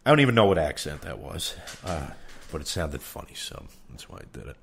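A man's voice: a bass voice, big pitch swings, fairly quick, creaky, fairly bright tone, slightly rough. A young man, hosting a podcast with a rambling, swearing, self-deprecating comedic rant. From New York. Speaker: podcast host.

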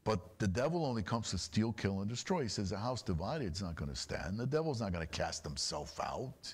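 A man preaching a sermon as pastor, animated and full of rapid rhetorical questions. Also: lowish voice, husky.

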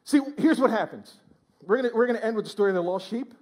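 A man's voice: high voice, expressive, fast talker. A male pastor preaching a sermon in church, exclaiming and prodding the congregation with questions.

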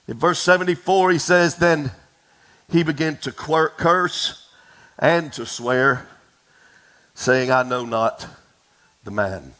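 A pastor delivers a sermon in a high, bright voice. He tells the story with drama, falling to near whispers and climbing to shouts as he speaks right to his congregation. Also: measured pace, poor audio. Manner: dramatic storytelling, dropping to a hush and rising to shouts; addresses the congregation directly.

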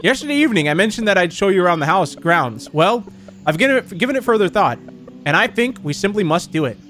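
Man reading creepy doting mother from a horror game, high voice, faint music under. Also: very animated, quick pace, fairly bright tone. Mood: coaxing. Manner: reads game dialogue aloud in plain voice. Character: eerie doting mannequin mother, female, middle-aged.

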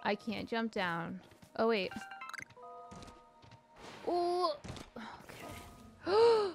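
A young woman streaming a video game, excitable, yelping and swearing as she plays. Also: fairly high pitch, drawn-out words, pauses often, over music. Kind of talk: live gameplay commentary.

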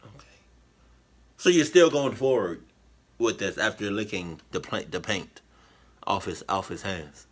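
Dude reacting to a scary story, deep-ish voice, shouting out "who does that" type stuff, laughing a lot. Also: male voice, unhurried, pauses often. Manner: loud, animated exclamations with slang and laughter. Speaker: reaction video host. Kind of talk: casual reaction commentary.

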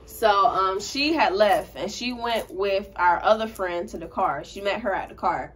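A young woman co-hosting a casual storytime vlog, animated, swearing freely and laughing as she tells it. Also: medium pitch, moderate pace. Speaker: co-host telling a story.

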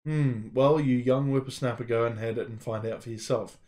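A man's voice: mid-range voice, fairly even intonation, normal speed, darkish tone, lightly acted. A man voicing a fussy old female ostrich administrator while reading a game's story aloud. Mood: huffy.

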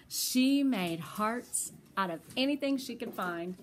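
Older woman reading to grandkids, high pitched, slow, sweet and expressive. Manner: tender, slow and expressive storytelling. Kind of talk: children's read-aloud.

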